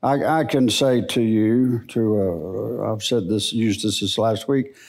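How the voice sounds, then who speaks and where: A middle-aged man teaching the Bible in a church service, in a folksy, unhurried preaching manner. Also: fairly low pitch. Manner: slow, animated, folksy preaching.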